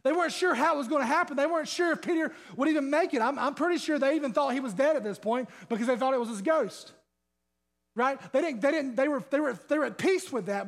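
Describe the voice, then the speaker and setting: A man preaching from the pulpit in a strikingly high voice. He is fired up and sweating, hammering the room with rhetorical questions and repeating phrases as he drives his point home. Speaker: pastor. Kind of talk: sermon.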